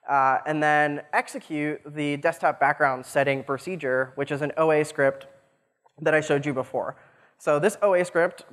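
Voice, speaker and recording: Young male conference speaker, slightly high voice, casual and jokey, lots of fillers, hall reverb. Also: fairly bright tone. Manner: casual, joking, many "uh" fillers. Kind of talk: technical conference talk.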